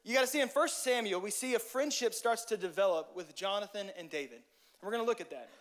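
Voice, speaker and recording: A man giving a relaxed, conversational sermon with a notably high voice. He jokes and addresses the listeners directly, with lively energy. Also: quick pace. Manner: lively, joking, talks straight to the audience. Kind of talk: casual sermon.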